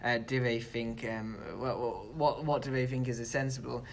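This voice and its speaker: A man's voice: mid-range voice, level tone, normal speed, slight background noise. A British man co-hosting a casual political podcast, chatty and self-deprecating with frequent restarts. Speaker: podcast co-host.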